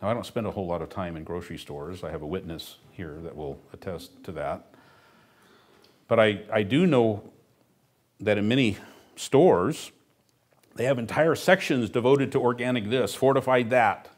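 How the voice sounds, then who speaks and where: A man's voice: fairly low pitch, lively intonation, normal speed. A middle-aged man preaching a sermon as pastor, emphatic and earnest, with dry humorous asides.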